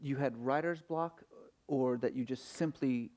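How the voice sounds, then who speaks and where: A man's voice: mid-range voice, a little slow, a little mellow. A man interviewing an author, asking hesitant, probing questions.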